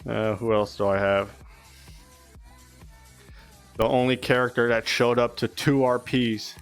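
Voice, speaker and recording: A man's voice: medium pitch, fairly even intonation, unhurried, soft background music. A young man chatting casually and rambling on a live stream, swearing often.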